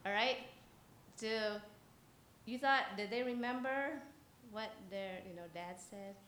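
A woman's voice: medium pitch, slow, fairly bright tone. A woman giving a children's message at church, telling a story with chatty asides, frequent laughs and questions to the audience. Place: church hall. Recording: echoey church hall, faint ambience.

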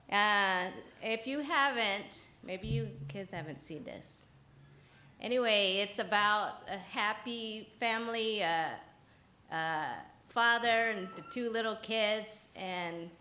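A woman's voice: mid-range voice, pushed and bright. A woman giving a children's message at church, telling a story with chatty asides, frequent laughs and questions to the audience. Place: church hall. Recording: echoey church hall, faint ambience.

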